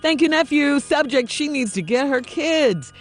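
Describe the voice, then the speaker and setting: A woman's voice: sits high, normal speed, soft background music. A woman co-hosting a radio show, announcing segments and reading a listener's letter aloud. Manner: upbeat announcing, steady reading. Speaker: radio co-host.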